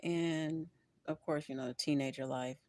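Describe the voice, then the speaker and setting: Older woman, tarot reader, low voice, expressive, preachy, affectionate pet names. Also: normal speed, no room sound. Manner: expressive, preachy, laughs often, calls listeners honey and baby. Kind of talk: livestream tarot reading.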